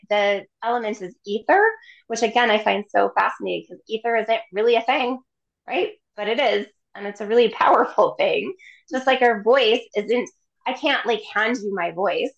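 A woman's voice: mid-range voice, vocal fry, highs cut off. A woman guest on a podcast, chatting casually and animatedly about chakras, acting out voices and laughing often. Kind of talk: casual chat.

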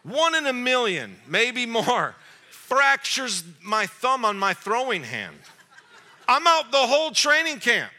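Man, 40s, pastor, storytelling sermon, very bright voice, jokey, acts out dialogue. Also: very high voice, sing-song, takes it slowly. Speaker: young adult pastor.

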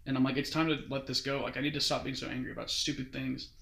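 A man's voice: mid-range voice, flat delivery, very fast, creaky, bright, forceful tone. A young man casually telling a long story as a guest. He rambles and keeps quoting others with "he's like". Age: young adult. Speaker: guest recounting his mission. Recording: roomy echo.

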